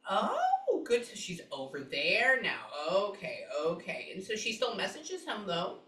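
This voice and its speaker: A woman working as a psychic medium, talking casually with clients and thinking aloud with frequent pauses and asides. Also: medium pitch, huge pitch swings, sharp tone, far from the mic. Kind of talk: casual session talk. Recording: roomy, from off the mic.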